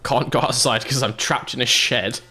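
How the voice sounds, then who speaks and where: A man's voice: medium pitch, moderate pace, bright, forceful tone, husky. A British man streaming a game, chatting casually with viewers, laughing often. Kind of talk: casual livestream chat.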